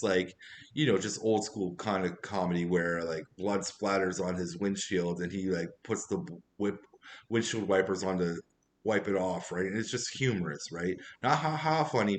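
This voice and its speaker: A man's voice: fairly low pitch, a little hiss or hum. A man giving a casual spoken movie review, rambling and chatty with frequent asides.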